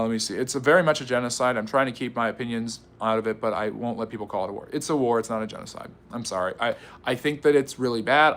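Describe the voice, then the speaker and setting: An American man hosting a live history stream, reading out viewer comments and answering them in a quick, chatty, teasing way with frequent fillers. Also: mid-range voice, a bit bright. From United States. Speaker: history channel livestream host.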